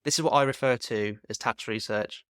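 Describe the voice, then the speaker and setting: Man, podcast host, casual chat, clear voice, dry sound. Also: medium pitch, a little fast, fairly bright tone, no echo. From Black Country, England.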